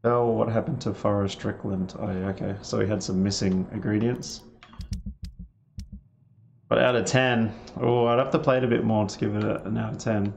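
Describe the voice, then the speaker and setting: A man's voice: lowish voice, little pitch movement, normal speed, creaky, darkish tone, lo-fi sound, a little hiss or hum. A man giving casual, rambling commentary while streaming a game and answering viewer chat.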